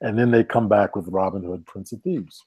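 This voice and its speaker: A man co-hosting a movie podcast, making his point in a measured, thoughtful way. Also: lowish voice, darkish tone, slightly rough. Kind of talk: casual movie chat.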